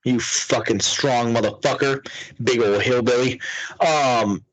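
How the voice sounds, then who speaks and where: A young man co-hosting a casual podcast, excitable and swearing constantly as he chats about lifters. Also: medium pitch, takes it slowly, dry recording, poor audio. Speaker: podcast co-host. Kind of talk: casual profane chat.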